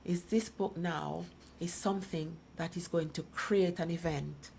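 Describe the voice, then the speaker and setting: Here the middle-aged guest speaker delivers her testimony at a measured pace, her lowish voice steady, a little mellow, and marked by vocal fry. She stays emphatic and still imitates the voices of others in her story on the talk program. A faint hiss or hum can be heard.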